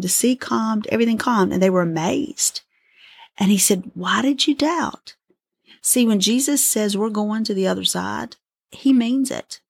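A middle-aged woman hosting a podcast, giving an earnest, gently pleading devotional talk of encouragement. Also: medium pitch, vocal fry, no echo, studio quality. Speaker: podcast host.

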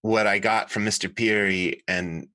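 Middle-aged man, interview guest; earnest, lively storyteller with a low, forceful voice and a dry, close sound. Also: unhurried, no room sound. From United States. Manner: earnest, animated, self-correcting. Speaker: guest, water harvesting designer and author. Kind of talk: conversational storytelling.

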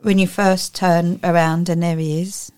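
A woman with a somewhat low voice co-hosts a relaxed faith podcast. She talks in a chatty way and paints vivid word pictures. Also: unhurried, a crowd in the background. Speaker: podcast co-host. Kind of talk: casual faith podcast chat.

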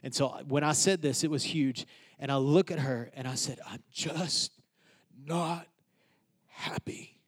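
Speaking at a moderate pace in a medium-pitched voice, this male pastor recounts something from his own life in a sermon. He alternates between emphatic, booming passages and quiet, whispered moments.

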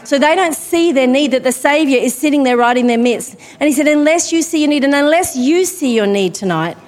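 Female preacher with a high voice. Chatty and self-deprecating, recorded in a church hall with a long echo. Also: expressive, a little fast, a little mellow. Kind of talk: sermon.

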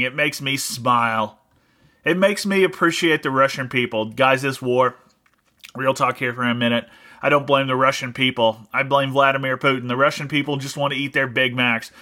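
A man hosting a podcast, delivering a mock-serious satirical rant with deadpan irony. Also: medium pitch. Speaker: podcast host. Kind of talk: satirical monologue.

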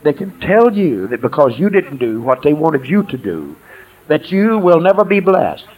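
A man preaching a lively sermon to a congregation, calling out for praise and answers. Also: a little high, moderate pace, muffled recording. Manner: exuberant call-and-response preaching, shouts and laughs. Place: church sanctuary.

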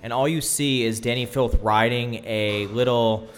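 Rambling man with a mid-pitched voice. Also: measured pace, faint music behind. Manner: rambling, many restarts and fillers, animated storytelling. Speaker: podcast co-host, touring musician. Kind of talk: casual chat. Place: coffee shop, live podcast.

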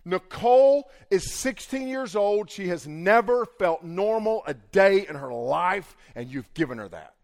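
A man voicing the earnest, kind mother of a disabled teenage girl, in his own high voice. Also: lively intonation, measured pace, hardly any pauses, darkish tone.

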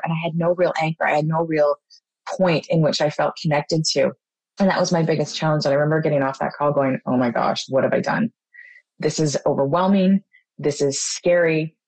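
A woman's voice: sits low, darkish tone, no room sound, rough recording. A mother speaking as an interview guest, sharing her story in a heartfelt, openly emotional way. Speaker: mother and program participant, guest. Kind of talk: personal testimonial in an interview.

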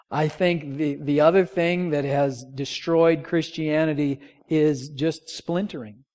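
Male pastor, slightly high voice; conversational sermon with call-and-response. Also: a little mellow. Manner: conversational preaching with rhetorical questions and call-and-response.

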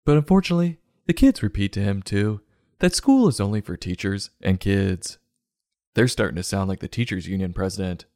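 A man hosting a sarcastic comedy book review, mocking the story and breaking into loud silly voices. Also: low-pitched, expressive, moderate pace, dry recording, clean studio sound. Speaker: podcast host.

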